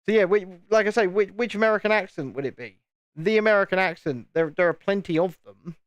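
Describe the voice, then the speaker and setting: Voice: mid-range voice, expressive, brisk, no room sound, dull audio. A speaker with a Southern English home counties accent, hosting a live stream and chatting casually while building, often repeating words. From England, home counties. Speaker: livestream host.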